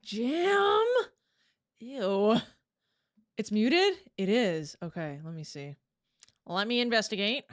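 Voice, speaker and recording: A young woman streamer chatting casually while reacting to a video, curious and quick to laugh. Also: mid-range voice, sing-song.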